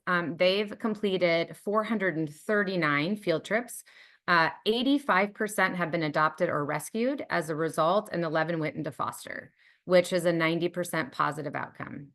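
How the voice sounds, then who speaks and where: A woman's voice: fairly low pitch, pushed and bright. A woman giving a conversational webinar presentation about a dog charity program, enthusiastic and heartfelt, with frequent ums and likes.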